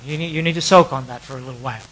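A man preaching a sermon in a church, impassioned, stretching out key words and dropping to soft asides. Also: medium pitch, poor audio. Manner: impassioned, drawn-out emphatic words, sudden drops to soft asides. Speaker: pastor.

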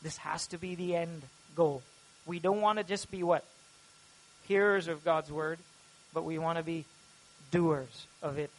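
A man with a notably high-pitched voice delivers a sermon as a pastor, unhurried and pausing often, on a rough recording. He preaches earnestly and grows loud and animated when he voices prayers aloud.

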